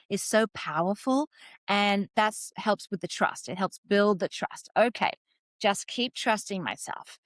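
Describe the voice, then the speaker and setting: A woman's voice: mid-range voice, no echo. Aussie lady coach, chatty and laughing a lot, dry mic. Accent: Australian. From Australia. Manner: warm and laughing. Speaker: life coach guest. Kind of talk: casual interview chat.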